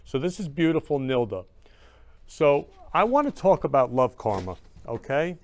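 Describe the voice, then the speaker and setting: A man hosting a casual livestream show, talking warmly and effusively and saying "love you" over and over. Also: on the high side, sing-song, normal speed. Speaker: show host.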